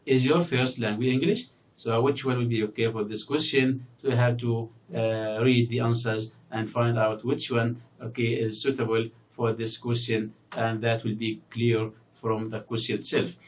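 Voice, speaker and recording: A man whose first language is Arabic, teaching a recorded English lesson and explaining slowly with many fillers and repeated example words. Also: mid-range voice, flat delivery, distant mic. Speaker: university English lecturer. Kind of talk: recorded distance-learning lecture.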